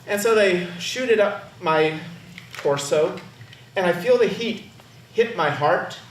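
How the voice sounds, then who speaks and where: A man's voice: high-pitched, slow, a little hiss or hum. A man telling a personal story on stage, with wry, self-mocking humor. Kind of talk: live personal storytelling performance. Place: theater stage. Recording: roomy, distant stage recording.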